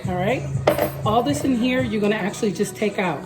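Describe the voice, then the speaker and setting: Chatty Southern woman from Texas, mid-pitched, casual cooking host, music under her voice. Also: a little fast. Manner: chatty, upbeat, talks viewers through each step.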